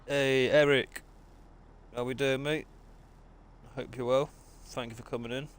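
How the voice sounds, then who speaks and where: A man's voice: mid-range voice, steady tone, a little slow. A man, chatting casually with viewers on a live game stream and greeting them as mate. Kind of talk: live-stream chat while gaming.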